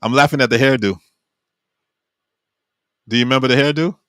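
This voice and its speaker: A man's voice: medium pitch, brisk, fairly bright tone, no room sound, studio quality. A man hosting a podcast in casual chat, upbeat and laughing easily. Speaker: podcast host.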